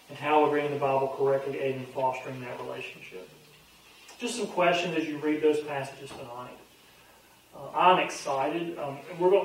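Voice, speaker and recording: A man's voice: a little high, recorded from a distance. A man, a pastor teaching a Bible study in a folksy, earnest, conversational way with frequent fillers. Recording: very echoey room, voice off-mic with faint hum.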